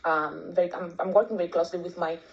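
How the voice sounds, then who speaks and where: A woman's voice: lowish voice, steady tone, fast, gravelly, muffled recording. A woman from Greece with a Greek accent, leaving a hesitant voice memo question full of ums. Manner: hesitant, many ums and restarts. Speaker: caller sending a voice memo.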